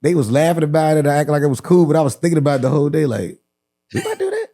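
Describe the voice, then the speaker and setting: A man's voice: on the high side, racing, warm tone. A man, a comedian and actor, talking as a podcast guest in a laid-back, slangy, rambling way. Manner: laid-back, slangy, rambling with lots of "you know what I'm saying". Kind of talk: casual sit-down chat.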